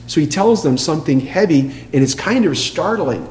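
A man preaching a sermon in an emphatic way, asking rhetorical questions and dropping to a soft hush for quoted lines. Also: a little high, expressive, normal speed, few pauses. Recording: long hall reverb with faint hum.

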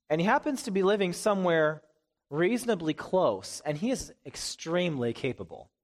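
A man preaching in a relaxed, conversational storytelling way. His voice sits a little high for a man, and he acts out the people in his story. His sermon keeps an easy, talkative feel. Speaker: pastor.

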